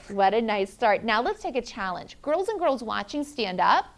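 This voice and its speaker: Slowly sounding out letters for the children, a woman teacher leads a phonics lesson in a slightly high, sing-song voice, encouraging them as she goes.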